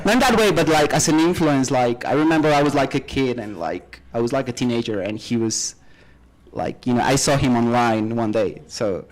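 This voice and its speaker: A man's voice: medium pitch, normal speed, poor audio. A man speaking casually on a panel, loose and rambling, filling his sentences with "like". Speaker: panelist artist.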